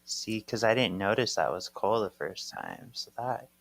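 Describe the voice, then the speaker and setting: A man co-hosting a podcast in casual chat, relaxed and jokey, often trailing off into soft murmurs. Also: lowish voice, normal speed, gravelly. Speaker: podcast co-host. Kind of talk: casual chat recapping a comic.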